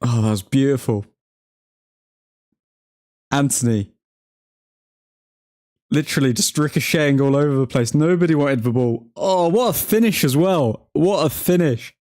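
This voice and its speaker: Male watchalong host, casual reactive commentary, slow delivery. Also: medium pitch, a little mellow. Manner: reactive, chatty fan talk with slang. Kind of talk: live football reaction commentary.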